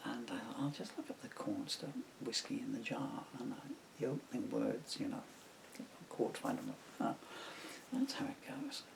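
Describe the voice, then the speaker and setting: Recorded on a camera mic amid a noisy background, this older English songwriter rambles through personal memories at home, packed with fillers and asides. His gravelly, medium-pitched voice swoops wildly in pitch at a normal speed.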